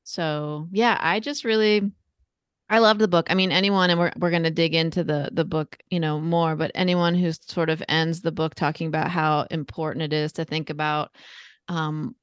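A woman's voice: deep voice, steady tone, moderate pace, clean tone, no room sound, studio quality. A woman co-hosting a book podcast, talking in a thoughtful, reflective way. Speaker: book club podcast co-host. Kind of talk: casual book chat.

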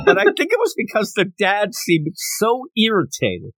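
A podcast host who tells the story with a lively, swooping voice that sits a little high for a man. He acts out each line of dialogue as he goes. The sound is dry and close to the mic. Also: moderate pace, dry recording, rough recording. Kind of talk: casual chat.

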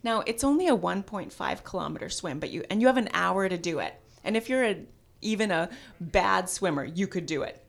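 A woman guest on a podcast, telling a personal story in an animated, self-deprecating way. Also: lowish voice, fairly quick, gravelly. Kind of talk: storytelling in casual conversation.

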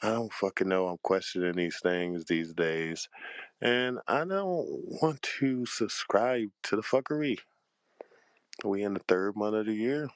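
A man's voice: fairly low pitch, no room sound. A man who hosts panels, venting in a heated, profane and exasperated rant. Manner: profane, heated and exasperated, with a drawn-out tired delivery. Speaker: panel host. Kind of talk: angry livestream rant.

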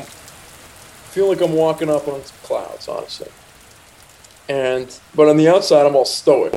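A man's voice: fairly high pitch, a little mellow, a little hiss or hum, low-quality recording. A young man casually telling a personal anecdote, rambling with restarts and asides and quoting himself and others. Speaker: storyteller.

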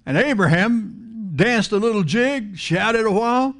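A man's voice: high-pitched, lively intonation, a little slow, a bit bright. A man preaching a sermon in a conversational style, repeating words and asking the congregation questions.

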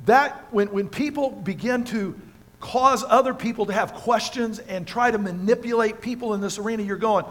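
A man's voice: high voice, moderate pace. A man preaching a sermon as pastor in a church, emphatic and passionate, repeating phrases for stress. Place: church sanctuary with congregation.

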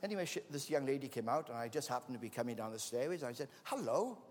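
Racing along with lively intonation, a medium-pitched male preacher tells anecdotes during his sermon and acts out the quoted voices. The church hall setting lends the recording a long, large-hall reverb.

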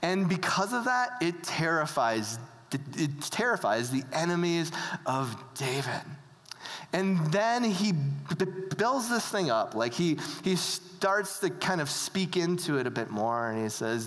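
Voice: mid-range voice, big pitch swings, unhurried, a bit bright. A preacher giving a casual, conversational sermon, often turning to the audience with questions. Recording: long hall reverb.

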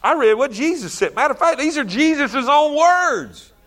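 High, bright-voiced preacher man. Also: normal speed. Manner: animated, drawls and stretches words for emphasis. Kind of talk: sermon.

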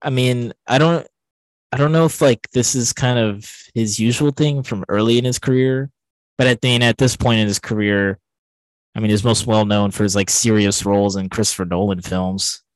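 A man with a fairly low voice talks through a film on a podcast he co-hosts. He rambles, restarts often and leans on fillers. The sound is dry and close, with no room around it. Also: steady tone, normal speed, no room sound, poor audio. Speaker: podcast co-host. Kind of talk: casual film discussion.

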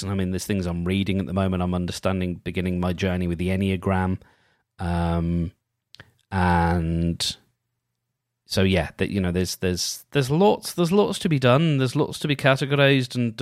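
Low-voiced man musing in a dry close mic. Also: no echo. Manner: rambling, full of restarts and "you know". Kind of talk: casual solo monologue.

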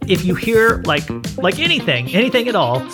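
A man's voice: high-pitched, sing-song, normal speed, over music. Rambling male podcast host. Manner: rambling, with frequent fillers and self-corrections. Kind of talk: casual podcast monologue.

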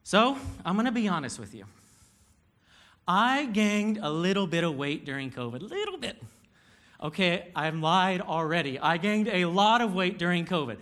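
A man's voice: high-pitched, expressive, normal speed, a bit bright. A man in his thirties preaching a sermon, telling candid, self-deprecating stories to his congregation. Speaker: pastor.

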